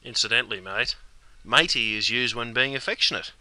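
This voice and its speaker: A man with a gravelly voice and an Australian accent, explaining slang in a broad, matey, deadpan way for a comedy sketch. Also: mid-range voice, fairly quick, no room sound. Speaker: comic host explaining slang.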